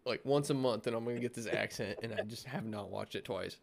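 A young man co-hosting a podcast over a video call, joking deadpan and swearing freely in casual banter. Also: lowish voice, a little fast, vocal fry. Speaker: podcast co-host.

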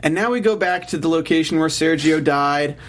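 A man with a notably high speaking voice recaps a TV episode on a casual podcast. He lets the plot tumble out fast and jokey, slipping in put-on voices for the characters. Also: a little hiss or hum. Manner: acts out characters' lines in quick jokey voices.

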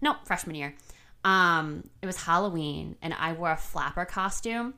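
A woman's voice: on the low side, normal speed, bright, forceful tone. A young woman co-hosting a podcast, rambling casually through self-deprecating stories. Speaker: podcast co-host. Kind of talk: casual chat.

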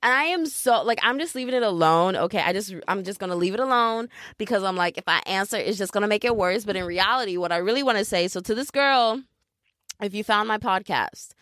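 A young woman hosting a podcast, telling a story in a casual, animated way and mocking other people in impressions. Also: medium pitch, brisk, no echo, clean studio sound. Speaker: podcast host. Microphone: podcast mic.

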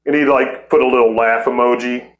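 A man's voice: medium pitch, fairly even intonation, brisk. A man in his forties hosts a podcast in a loose, heated way, swearing constantly and breaking into laughter. His voice rings out in a roomy, echoing space. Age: 40s. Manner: heated, cursing, laughing often. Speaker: podcast host. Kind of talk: profane casual chat.

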